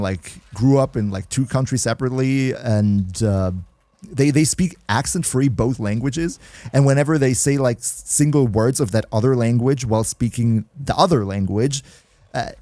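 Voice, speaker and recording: A man's voice: medium pitch, normal speed, warm tone, no echo. A man from Germany with a German accent, chatting casually as a livestream host and answering viewer questions aloud.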